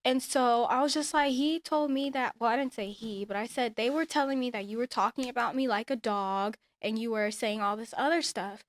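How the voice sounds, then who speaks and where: A woman's voice: on the high side, a little fast, few pauses, no echo. A woman casually telling a personal story, acting out what others said and giving emphatic advice. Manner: animated, acts out others' lines, emphatic advice. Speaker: storyteller sharing a personal experience.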